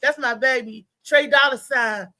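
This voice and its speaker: A woman hosting a live show, telling a story in a chatty, animated way. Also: high voice, unhurried, no room sound. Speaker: host. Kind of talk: casual live show chat.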